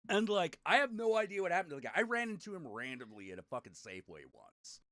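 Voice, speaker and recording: A middle-aged man spins an anecdote in loose, profane chat, laughing along. His voice is bright and fairly high for a man. The sound is dry, with no room around it. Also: quick pace, no room sound. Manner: animated, swearing, laughing storyteller. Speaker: podcast host. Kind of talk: casual storytelling chat.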